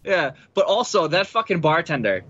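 A man in casual movie chat with friends, excitable, swearing and laughing a lot. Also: on the high side, moderate pace, no room sound, highs cut off.

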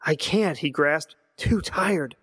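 A man's voice: on the high side, slow pace, a bit bright, husky, heavily acted. A man reading the lines of a tired, defiant young male hero from a storybook. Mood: strained. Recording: long hall reverb.

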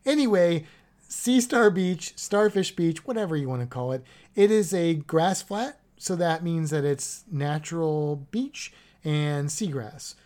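A woman's voice: low-pitched, unhurried, warm tone. A woman chatting casually about travel plans, rambling and correcting herself as she goes. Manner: rambling, self-correcting, chuckling.

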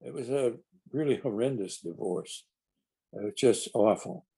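A man's voice: medium pitch, a little slow, gravelly, dark tone, husky. An older man, an actor, telling rambling anecdotes in conversation, with many restarts and acted-out quotes. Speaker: actor guest.

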